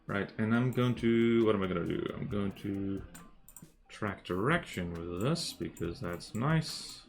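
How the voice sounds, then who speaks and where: A man's voice: lowish voice, animated, a little slow, vocal fry, a little hiss or hum. A young adult man casually chatting while drawing on a livestream, playful, jokey and rambling.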